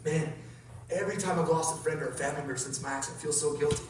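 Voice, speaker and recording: A man from Canada giving an energetic motivational talk to a live audience, telling his story and often turning to the crowd with questions. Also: fairly high pitch, racing, noisy background. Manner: energetic, animated, keeps addressing the audience. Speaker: motivational speaker. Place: large hall with an audience. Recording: very echoey hall, voice from far off.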